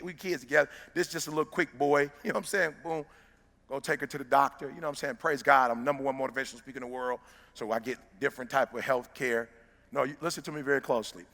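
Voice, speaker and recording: A middle-aged man, giving a motivational speech that swings from hushed storytelling to loud exhortation. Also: mid-range voice, vocal fry. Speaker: motivational speaker. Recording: long hall reverb.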